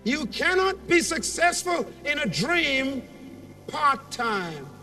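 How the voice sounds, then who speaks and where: A man with a strikingly high voice delivers a motivational speech in a large convention hall, drawing each word out slowly. He tells his story with dramatic build-ups and calls for the crowd to answer back. The mic sits at a distance, and faint music plays beneath him. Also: sing-song, pushed and bright. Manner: dramatic storytelling with call-and-response. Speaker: motivational speaker.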